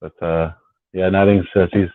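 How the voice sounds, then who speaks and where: Low-voiced man on a tinny, dry line. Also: level tone, normal speed, no room sound. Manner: rambling, repeats words often. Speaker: host of a fan live stream. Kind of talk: casual late-night live stream chat. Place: at home on the West Coast. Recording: dry, tinny phone-like sound.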